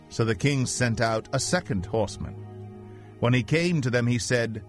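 A man reads a scripture story aloud as narrator, keeping a steady, even delivery. His voice sits at an ordinary middle pitch, and faint music plays behind him throughout. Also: moderate pace.

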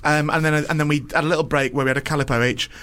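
A male radio host who talks quickly in a slightly raised voice, rambling through anecdotes with a jokey, storytelling manner. His speech is casual banter between co-hosts. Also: fairly high pitch, steady tone, fairly bright tone.

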